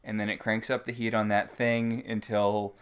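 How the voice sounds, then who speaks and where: A man's voice: lowish voice, flat delivery, normal speed, smooth. A man co-hosting a podcast, adding wry commentary in casual chat. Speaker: podcast co-host.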